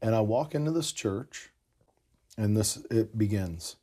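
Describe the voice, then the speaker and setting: A man's voice: fairly low pitch, animated, measured pace, warm tone. A man in casual conversation, earnestly telling a personal story with lots of "you know" asides. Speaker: podcast guest telling his conversion story.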